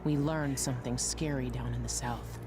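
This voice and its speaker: A woman's voice: very deep voice, fairly even intonation, moderate pace. An actress voicing a tough female ship captain in a video game, blunt and no-nonsense. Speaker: game character. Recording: noisy ambience behind the voice.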